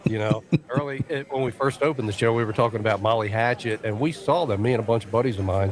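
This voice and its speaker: A man's voice: mid-range voice, fast, soft background music. A man co-hosting a casual radio show, talking in a laid-back, easygoing way. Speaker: radio co-host.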